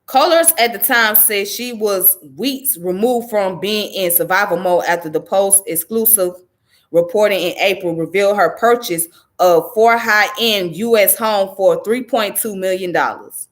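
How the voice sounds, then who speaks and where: A woman's voice: medium pitch, measured pace. A woman reading a news article aloud and commenting on it with indignant, profane outbursts.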